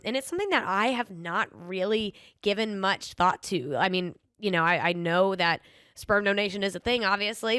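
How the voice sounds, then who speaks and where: Chatting casually on her own podcast, this young female host spins stories with a sassy, playful edge, frequent ums and an occasional slight lisp. Her medium-pitched voice sounds clear, resonant and fairly bright. There's no room sound, and the audio is studio quality.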